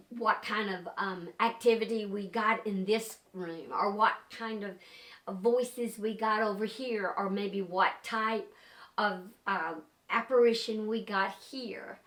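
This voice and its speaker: An older woman with a bright, forceful voice tells a story in a chatty way. She fills her talk with ums and uhs. The sound is roomy and echoey. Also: mid-range voice. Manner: chatty, lively storyteller with many fillers. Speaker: paranormal investigator. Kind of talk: casual storytelling to camera.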